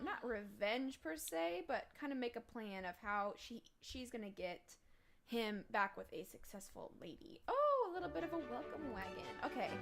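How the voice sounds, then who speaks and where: Lively rambling woman gaming host. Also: on the high side, gravelly. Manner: rambling, with many fillers. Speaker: let's play host. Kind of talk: gameplay commentary.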